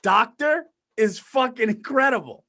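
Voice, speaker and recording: A man with a New York accent co-hosting a casual podcast. He tells animated anecdotes and laughs often. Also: very high-pitched, measured pace. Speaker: podcast co-host. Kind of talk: casual chat.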